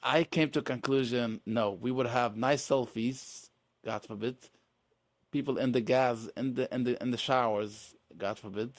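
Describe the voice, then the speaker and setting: A man's voice: mid-range voice, fairly even intonation, normal speed, no echo. A man guest on a podcast, talking earnestly in casual conversation and often repeating words as he restarts. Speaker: podcast guest, real estate agent.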